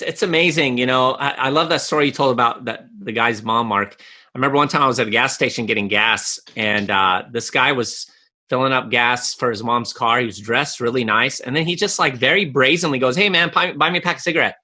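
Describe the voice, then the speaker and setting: A man co-hosting a casual discussion from home over a video call, playful and energetic, acting out his stories. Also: medium pitch, brisk. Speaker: co-host.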